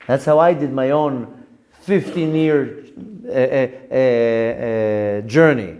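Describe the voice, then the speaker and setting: A middle-aged man teaching as a rabbi, his voice mellow and dark in tone at a middle pitch. He talks candidly and animatedly about his own flaws, turning questions on himself. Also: slow. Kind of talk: spoken Torah lesson.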